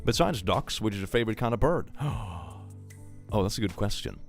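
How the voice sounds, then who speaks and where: Young male streamer, casual chat, lively pitch swings, lowish voice, faint music behind. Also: brisk. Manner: animated, joking, laughs often.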